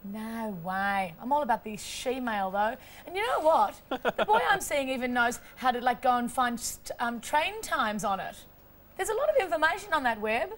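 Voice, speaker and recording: A woman's voice: fairly high pitch, expressive, moderate pace, slight background noise. A woman chatting as a studio guest, making playful self-mocking jokes. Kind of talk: casual chat.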